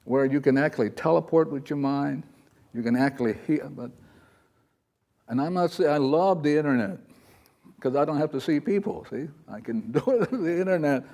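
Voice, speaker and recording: A man's voice: on the high side, expressive, moderate pace, darkish tone. A man teaching a live audience in a loose, rambling, chatty way, often acting out little quoted voices as he talks. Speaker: spiritual teacher. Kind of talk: informal spiritual talk to a live audience. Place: talk in front of an audience.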